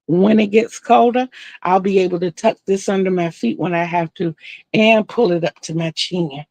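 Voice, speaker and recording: A woman's voice: lowish voice, fairly even intonation, moderate pace, a little mellow, no room sound. An older woman chatting casually on a live stream as she crochets, rambling and repeating herself.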